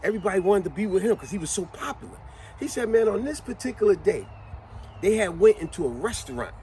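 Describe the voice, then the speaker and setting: A man's voice: high-pitched, lively intonation, fast, mellow, a little hiss or hum. A man giving a motivational monologue, speaking in with an emphatic, conversational manner and frequent questions to the listener.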